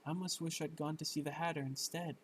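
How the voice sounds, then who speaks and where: A man's voice: a little high, fairly even intonation, fast, a little hiss or hum, pitched above the performer's own voice, close to an everyday voice, low-quality recording. A man reading the part of a curious, polite young girl in a bedtime story, stumbling over words and correcting himself. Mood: polite puzzlement.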